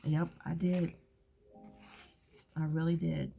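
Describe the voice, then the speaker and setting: A woman's voice: low-pitched, little pitch movement, takes it slowly, gravelly, dark tone, faint music behind. A woman chatting casually while journaling, rambling and often dropping to a whisper. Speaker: craft channel host. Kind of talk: relaxed journaling chat.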